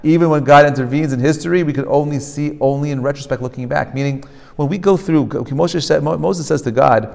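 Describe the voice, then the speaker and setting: A man teaching a class as a rabbi. He talks in an animated way, often checks with "right?", and mixes Hebrew terms into English. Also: fairly high pitch, quick pace, vocal fry, big-room sound. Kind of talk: lecture to a live class. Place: lecture hall with a live audience.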